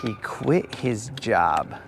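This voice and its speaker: Animated man joking on a fishing stream. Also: on the low side, very slow, gravelly, a little hiss or hum. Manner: joking, calls viewers bro and guys. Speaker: fishing live-stream host. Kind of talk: casual live-stream chat. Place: outdoors on a lake.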